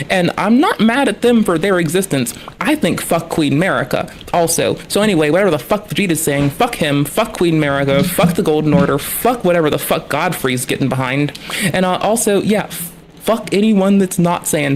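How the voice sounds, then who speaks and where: A woman's voice: on the low side, slight background noise. A woman streamer in casual livestream chat, ranting with heavy, constant swearing.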